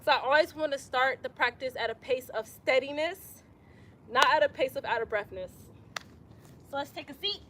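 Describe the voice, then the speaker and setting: Woman yoga teacher, high bright voice, chatty and encouraging, outdoors with faint ambience. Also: normal speed, slight background noise. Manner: chatty, encouraging, says y'all a lot. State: out of breath at times. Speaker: yoga instructor. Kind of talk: guiding a yoga practice. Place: outdoors in the sun.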